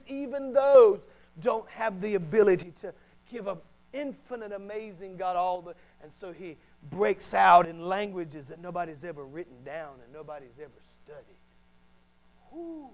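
A middle-aged man preaching a sermon as a pastor, swinging between hushed and loud delivery. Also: high voice, rough recording.

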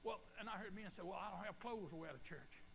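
A man's voice: sits high, fast, creaky, fairly bright tone, a little hiss or hum, rough recording. An older man, preaching a folksy sermon full of stories and emphatic calls to the congregation. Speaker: pastor. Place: church.

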